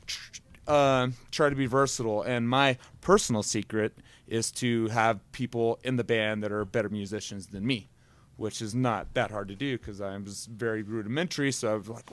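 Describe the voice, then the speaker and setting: A man's voice: fairly low pitch, fairly even intonation, normal speed, no echo. A man, a musician guest, chatting casually and rambling with laughing asides. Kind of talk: casual chat.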